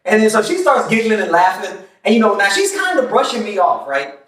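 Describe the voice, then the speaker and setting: Male podcast host, high and lively, animated storyteller, roomy off-mic sound. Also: brisk, far from the mic. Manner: animated, laughing, acts out quotes in voices. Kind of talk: casual storytelling chat. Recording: echoey room, off-mic.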